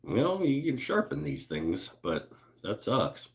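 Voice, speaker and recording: Hosting a casual livestream from his woodworking shop, a man reads viewer comments and chats loosely, joking around with plenty of fillers and laughs. His mid-range voice swoops wildly in pitch, and he takes things slowly in a laid-back way.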